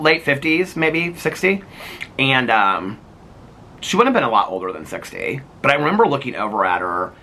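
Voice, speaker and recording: Chatty man in his fifties, lively pitch. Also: slight background noise. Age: 50s. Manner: chatty, rambling, laughs often. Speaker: vlogger. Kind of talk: casual chat.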